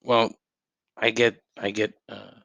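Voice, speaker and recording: A man's voice: lowish voice, little pitch movement, slow, gravelly, fairly bright tone, no echo, highs cut off. A man hosting a solo podcast from home, ranting in a profane, rambling way with many restarts and sudden heated outbursts. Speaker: podcast host.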